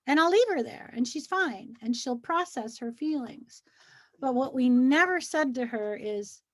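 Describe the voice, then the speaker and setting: Lively high-voiced woman, animated storyteller. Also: a little slow. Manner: animated storyteller, acts out quotes; soothing, gentle when quoting a child. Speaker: co-host. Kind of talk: casual chat.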